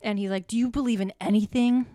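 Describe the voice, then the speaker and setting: Young woman co-hosting a chat show, lively film recap, dry close recording. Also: on the high side, fast talker, no echo. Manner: animated storyteller acting out the characters' lines. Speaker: podcast co-host.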